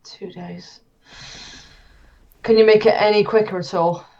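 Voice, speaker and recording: A woman's voice: medium pitch, fairly even intonation, a little slow. A woman playing a tabletop game, stating her character's actions plainly. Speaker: player. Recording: dull lo-fi sound.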